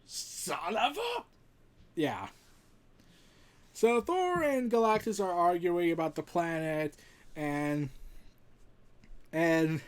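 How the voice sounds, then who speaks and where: High-voiced man recapping a comic. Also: a little mellow, clear, resonant tone. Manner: rambling recap with fillers and restarts. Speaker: comic book reviewer. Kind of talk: casual comic review.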